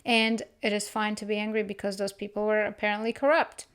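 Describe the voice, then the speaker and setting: A woman hosting a casual solo podcast, thinking aloud with restarts and quick laughs. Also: mid-range voice, flat delivery, fairly bright tone, smooth. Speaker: podcast host.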